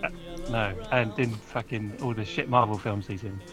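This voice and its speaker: A man's voice: on the low side, fairly even intonation, moderate pace, a bit bright, soft background music. A man co-hosting a podcast, playful and blunt in casual chat, swearing freely. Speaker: podcast co-host.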